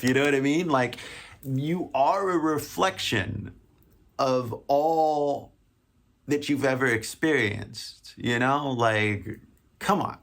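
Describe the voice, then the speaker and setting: A man's voice: medium pitch, a bit bright. An American man hosting an English-learning podcast in a loose, rambling chat full of fillers and laughs. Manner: rambling, full of "like" and "you know", laughs often. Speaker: English teacher and podcast host. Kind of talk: casual teaching chat.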